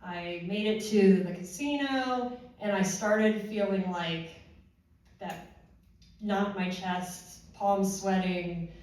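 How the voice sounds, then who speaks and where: A woman, a former first responder, shares her own story at a panel in a halting way, with many fillers and restarts. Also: medium pitch, darkish tone. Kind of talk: personal testimony at a panel. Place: large echoey room at a panel event. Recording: very echoey hall from far off.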